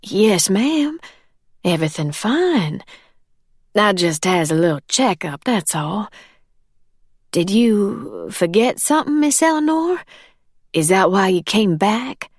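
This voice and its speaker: A woman's voice: medium pitch, big pitch swings, slow pace, pauses often, slightly rough, no room sound, clean studio sound, pitched above the performer's own voice, full character voice. A woman voicing a loyal older housekeeper who speaks deferentially in dialect grammar. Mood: anxious.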